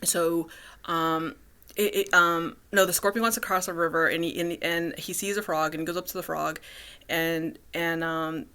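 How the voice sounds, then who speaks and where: A woman's voice: on the low side, fairly even intonation, normal speed, pushed and bright, clear, resonant tone. A woman vlogging in a casual, rambling way, with many fillers and restarts. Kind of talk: casual personal vlog.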